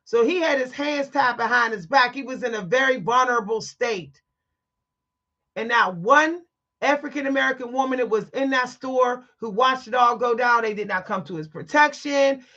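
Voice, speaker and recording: A woman's voice: sits high, moderate pace, sharp tone, dull audio. A woman telling a story to her viewers in a blunt, emphatic, preachy way, stressing her words. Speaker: vlogger. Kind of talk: candid storytime monologue to viewers.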